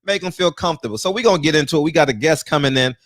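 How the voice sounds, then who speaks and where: A man's voice: on the high side, lively intonation, rapid-fire, fairly bright tone, no echo, studio quality. A man, hosting a live-streamed boxing talk show, greeting viewers by name in loose, casual chat, swearing easily and laughing often. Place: small room.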